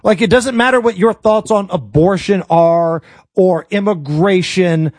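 A man's voice: high voice, a little slow, darkish tone, no echo. A male talk radio host ranting about politics in a sarcastic, colloquial, joking way. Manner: sarcastic, colloquial, jokey rants.

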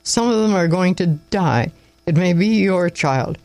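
A man reading the lines of a weary, contemptuous young country doctor who speaks in sharp, clipped phrases. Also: high-pitched, animated, a little slow, no room sound, soft background music.

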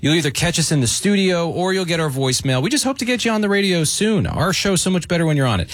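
Upbeat guy hosting morning radio, kinda high voice that bounces all over. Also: dry recording, studio quality. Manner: lively, teasing, quick banter. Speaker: radio show host.

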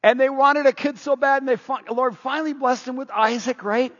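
Husky guy preaching in a church hall, animated, echoey dull recording. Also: very high-pitched, brisk. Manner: animated preaching, quoting scripture aloud. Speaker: pastor. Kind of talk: sermon. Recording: roomy hall, dull lo-fi sound.

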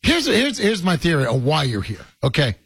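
A man's voice: fairly high pitch, huge pitch swings, normal speed, creaky, a bit bright, husky, no echo. A man hosting a sports radio show, teasing his guest with sarcastic, grumbling banter in a studio.

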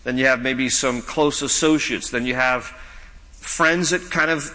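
A man's voice: medium pitch, measured pace, pushed and bright, long reverb tail. A man preaching a sermon, earnest and pleading, rising to urgent questions, then teaching in a conversational way. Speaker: pastor.

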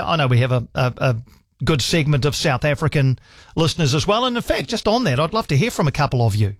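Chatty New Zealand talkback host. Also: male voice, on the high side, no room sound. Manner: chatty, reads listener emails aloud. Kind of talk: talkback radio. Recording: dry studio sound with faint music.

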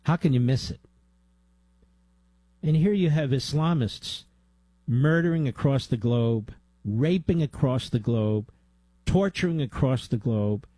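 An indignant male talk radio host with a dark, mellow tone. His voice is close and dry, with no room sound, and his pitch climbs as he presses each point. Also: husky, no echo. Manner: indignant, emphatic, rises in pitch when heated.

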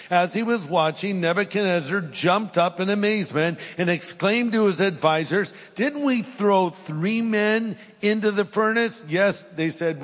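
A man's voice: fairly high pitch, long reverb tail. A middle-aged man preaching a sermon, reading scripture aloud and then pressing his points with emphasis. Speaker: pastor.

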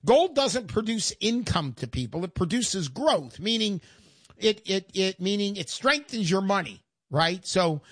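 A man's voice: high voice, expressive, measured pace, a bit bright, dry recording, studio quality. An older man hosting a call-in radio show, chatty and folksy, getting emotional as he talks.

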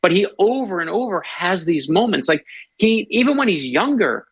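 A man's voice: high-pitched, big pitch swings, normal speed, slightly rough, rough recording. A man talking about history as an author guest in a casual interview, eager and storytelling, often restarting his sentences.

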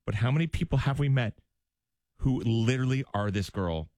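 A man from the US Northeast, a radio host telling stories in animated, laughing casual chat. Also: medium pitch, moderate pace, dry recording, studio quality. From United States, Northeast.

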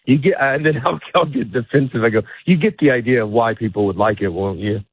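A man's voice: medium pitch, brisk, husky, no echo. A middle-aged man, a comedian, chatting casually in a rambling way, often cutting himself off and laughing. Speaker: comedian guest. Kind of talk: casual chat. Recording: dry phone-like audio.

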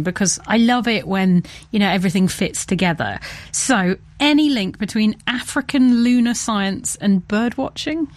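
A woman hosting a casual science chat, playful and chatty, quick to laugh and joke. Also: medium pitch, no echo. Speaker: podcast host.

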